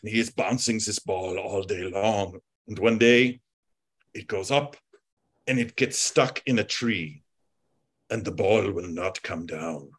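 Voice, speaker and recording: A man's voice: on the low side, slightly rough. A man imitating a grave, solemn old film director. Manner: formal, deliberate, grandly earnest phrasing.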